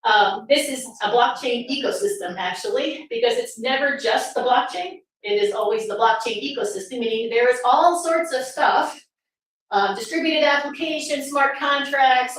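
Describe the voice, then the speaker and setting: Sarcastic woman speaking in an echoey hall. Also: high-pitched. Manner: sarcastic, rhetorical questions to the audience. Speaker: speaker at a political summit. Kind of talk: presentation talk. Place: meeting room with audience. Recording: very echoey room from far off, faint noise.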